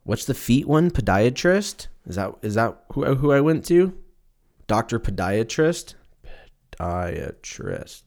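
A man's voice: medium pitch, sing-song, slow, gravelly, darkish tone. A man in his twenties from Southern California, hosting a casual solo podcast and rambling, joking and swearing freely. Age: 20s. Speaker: podcast host.

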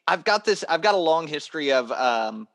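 A man who makes toys, a guest on a casual podcast, telling stories in an animated, theatrical way. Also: on the high side, a little fast, vocal fry. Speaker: toy maker guest.

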